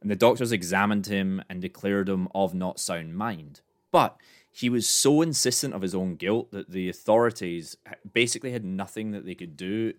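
A very deep-voiced man spins a history yarn for a podcast. His voice comes through smooth and resonant, and he keeps it loose and jokey, dropping ums between facts. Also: moderate pace. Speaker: podcast co-host. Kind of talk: casual storytelling chat.

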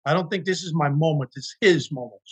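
Husky high-voiced man telling stories. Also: fairly quick. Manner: earnest, emotional storytelling with restarts. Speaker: actor guest. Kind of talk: casual interview chat.

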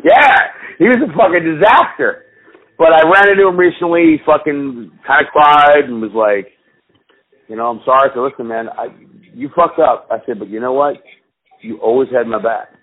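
A podcast co-host with a medium-pitched voice and moderate pace tells rambling, profane stories while chatting casually with friends. The sound is tinny and phone-like.

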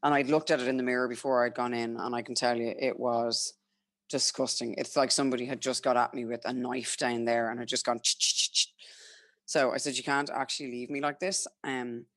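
A woman's voice: very deep voice, little pitch movement, normal speed, no room sound, studio quality. A young Irish woman telling her own story frankly and chattily, quoting herself and others as she goes. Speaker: guest sharing her story. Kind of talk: candid personal storytelling.

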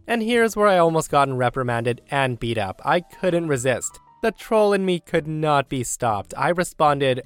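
A man's voice: fairly high pitch, very animated, normal speed, hardly any pauses, clean tone, soft background music. A man narrating a story aloud in a casual, wry way, speaking straight to his listeners.

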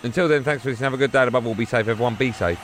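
A man hosting a sports podcast, brisk and jokey. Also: medium pitch, a bit bright, soft background music. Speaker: podcast host.

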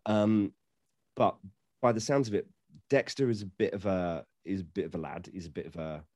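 A man who trains dogs, explaining in a joking, relaxed way with playful asides. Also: low voice, moderate pace, dry recording, clean studio sound. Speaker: dog trainer guest. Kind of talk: casual chat.

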